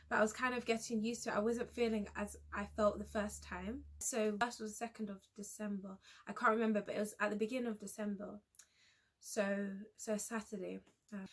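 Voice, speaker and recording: A young woman sharing a personal story in a vlog. She talks in a hesitant, halting way and often stops to restart her sentences. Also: mid-range voice, a bit bright. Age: young adult. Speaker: vlogger.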